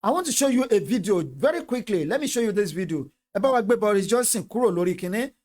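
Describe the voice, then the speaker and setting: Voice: medium pitch, sing-song, fast, darkish tone. A Nigerian speaker with a Yoruba-tinged accent giving impassioned political commentary, fervent and repetitive. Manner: fervent, repetitive, switches between English and Yoruba.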